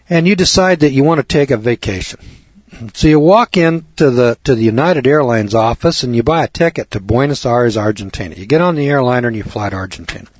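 In a dull, lo-fi recording with no room sound, a man with a mid-range voice addresses students. His style is folksy, and he piles on rhetorical questions, repeating them for effect.

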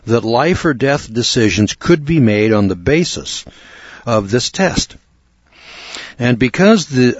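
American man, low voice, measured Bible teacher, dull dry recording. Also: no echo. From United States. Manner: measured, deliberate, with occasional throat clearing. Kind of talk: explanatory Bible lecture.

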